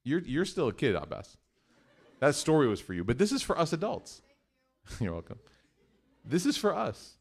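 A middle-aged man giving a religious talk, telling a family story in an animated way, acting out quotes and using Arabic phrases. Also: on the high side. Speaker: Muslim speaker.

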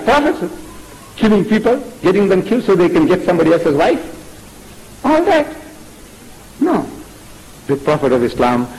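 Male Islamic preacher, religious lecture, high voice, lively pitch, animated, rhetorical questions. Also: rough recording.

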